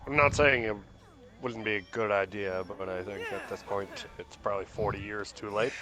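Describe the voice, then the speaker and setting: A man's voice: fairly low pitch, steady tone, moderate pace. A man chatting casually with a friend while gaming, answering in short, matter-of-fact remarks. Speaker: co-host friend.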